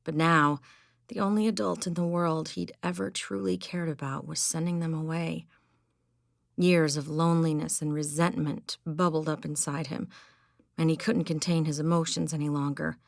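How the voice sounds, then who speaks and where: Audiobook narrator, woman, low gravelly voice, even scripted delivery, dry close mic. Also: moderate pace, no room sound. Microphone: close studio mic.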